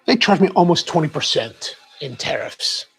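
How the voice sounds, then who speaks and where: A man's voice: on the high side, sing-song, moderate pace, vocal fry, husky. A middle-aged man hosting a casual livestream, chatting in a rambling, storytelling way. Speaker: livestream host.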